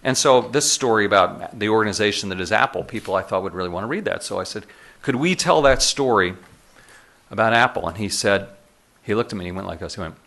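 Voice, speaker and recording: A middle-aged man telling animated anecdotes to a live audience, often chuckling as he goes, then taking questions. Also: on the low side, quick pace. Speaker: speaker telling stories to an audience. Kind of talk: storytelling talk to a live audience. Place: lecture room with audience.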